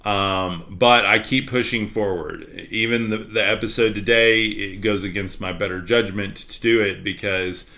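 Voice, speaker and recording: A man's voice: lowish voice, steady tone, unhurried, few pauses, pushed and bright. A man with a Texas accent hosting a podcast livestream, chatting candidly and rambling, with plenty of fillers. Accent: Texan. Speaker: podcast host. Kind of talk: casual livestream chat.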